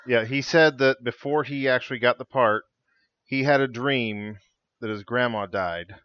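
A man's voice: medium pitch, moderate pace, no room sound, lo-fi sound. A man on a podcast panel, telling a story in casual chat.

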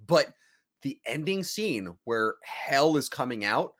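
A man's voice: medium pitch, big pitch swings, slow, fairly bright tone. A man co-hosting a casual movie discussion, enthusiastic and conversational.

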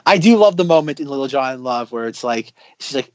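A man co-hosting a podcast, retelling scenes excitedly in a rambling, filler-heavy way. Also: medium pitch, fast, dry recording. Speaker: podcast co-host. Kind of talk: casual chat about sketch comedy.

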